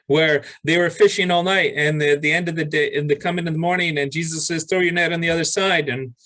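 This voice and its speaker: A male pastor preaching a sermon, reading scripture aloud with pauses and restarts. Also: on the high side, steady tone, sharp tone, rough recording.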